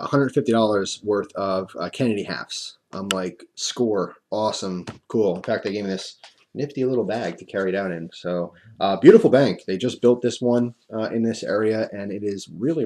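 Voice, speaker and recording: A man's voice: on the low side, moderate pace, a little mellow, a little hiss or hum. A man telling a casual storytime to camera, rambling with lots of fillers and wry self-mocking humor. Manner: rambling, chatty, many fillers and restarts. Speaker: coin-collecting vlogger.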